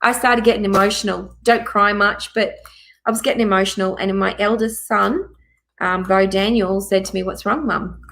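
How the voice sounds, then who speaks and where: A woman's voice: medium pitch, steady tone, moderate pace, gravelly, a bit bright, poor audio. A middle-aged woman telling her own story as a guest, emphatic and repeating key phrases for force. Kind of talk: personal testimony in a live chat.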